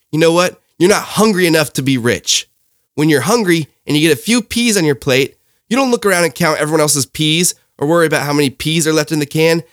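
A man's voice: a little high, no echo, studio quality. A man in his thirties delivering a sarcastic, ranting comic monologue as host. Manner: sarcastic, ranting, deadpan asides. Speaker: comedy show host.

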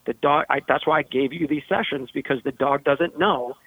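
A man's voice: fairly high pitch, moderate pace, husky, no room sound. Man, dog trainer, podcast talk, explains step by step, bone-dry sound. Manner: explanatory, breaks ideas down step by step. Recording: tinny phone-like line.

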